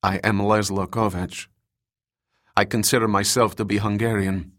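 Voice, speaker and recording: A man's voice: fairly low pitch, little pitch movement, moderate pace, a bit bright, dry recording, studio quality, natural voice. A man reading the lines of a wary, bewildered professor.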